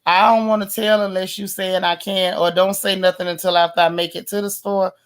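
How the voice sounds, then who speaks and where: Hoarse woman, livestream host, chatty and affectionate, mid-pitched, reading comments aloud. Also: little pitch movement, fairly quick. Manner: affectionate, teasing. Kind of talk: casual live-stream chat.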